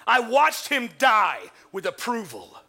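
Guy doing saul in a stage drama, high bright voice, swings all over, fervent. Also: wildly swooping pitch, slow, gravelly, full character voice. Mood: solemn. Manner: fervent, theatrical storytelling with sudden swells. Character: Saul, a zealous man recounting his conversion. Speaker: actor. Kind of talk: dramatic monologue.

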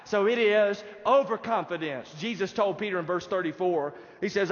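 Male pastor, emphatic sermon delivery, muffled lo-fi sound, high voice. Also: moderate pace, hardly any pauses. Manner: emphatic preaching, addresses congregation directly. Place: church sanctuary. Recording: dull sound in a reverberant hall.

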